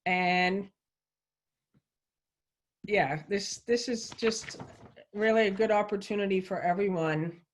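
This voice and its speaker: A woman's voice: fairly low pitch, slight background noise. A woman hosting a weekly livestream show, chatty and enthusiastic as she tells a story and welcomes viewers. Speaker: show host.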